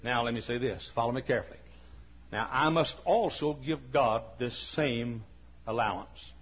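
A man preaching a sermon as pastor, dropping to quiet confiding talk and rising to shouted peaks. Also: mid-range voice, normal speed, breathy edge. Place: church. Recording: dull lo-fi recording.

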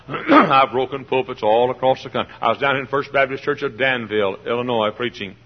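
Impassioned husky preacher, man. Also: medium pitch, normal speed, dull audio. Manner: impassioned, hollers and pounds the pulpit, mimics voices. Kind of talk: sermon.

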